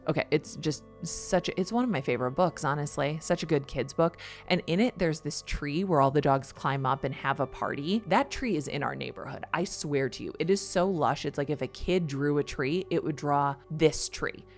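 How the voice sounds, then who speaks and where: A middle-aged woman hosting a podcast, telling a personal story in an earnest, confessional way with rushed restarts. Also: sits low, soft background music. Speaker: podcast host.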